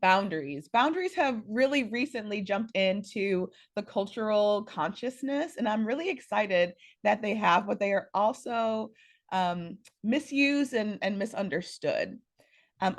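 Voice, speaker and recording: A woman facilitating an online workshop with a slightly hoarse morning voice, speaking in a playful, animated way. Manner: animated, playful, varies pitch and loudness a lot. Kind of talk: informal presentation. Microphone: video call.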